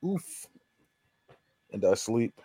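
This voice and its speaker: A man's voice: fairly low pitch, sing-song, drawn-out words, dark tone, slightly rough, no room sound. A man in a casual group chat who laughs often and needles his friends.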